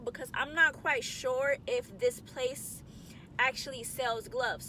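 Young woman vlogger, bubbly slangy car chat, high voice, road noise behind. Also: sharp tone. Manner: chatty, upbeat, slangy. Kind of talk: casual chat to camera. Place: in a car, driving.

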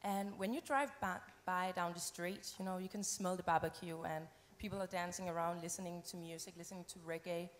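A woman's voice: lowish voice, fairly even intonation, fairly quick, hardly any pauses, slight background noise. A young woman pageant contestant answering on a live stage, enthusiastic, in flowing run-on phrases.

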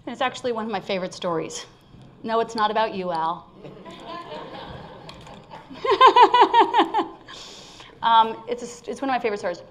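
A woman's voice: a little high, sing-song, normal speed, pauses often, fairly bright tone. A woman giving an informal spiritual sermon, conversational and laughing often as she tells a story. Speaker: spiritual speaker.

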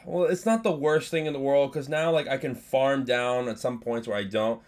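A young man commentating his own live game stream, chatting with his viewers and swinging between low mumbles and loud outbursts. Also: normal speed. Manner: excitable, swings from mumbling to yelling, banters with chat.

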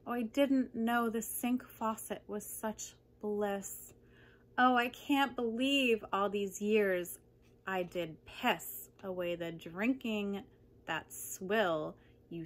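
A woman reciting comic poems in a deadpan, measured way. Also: mid-range voice, slight background noise. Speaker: poetry reader.

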